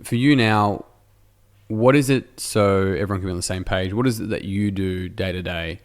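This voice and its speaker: A man from Australia hosts a podcast interview, his voice sitting very low. He talks in a loose, rambling way, poking fun at himself as he goes. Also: moderate pace. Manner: rambling, self-deprecating, jokey. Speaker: podcast host. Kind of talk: casual interview chat. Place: indoor room, in person.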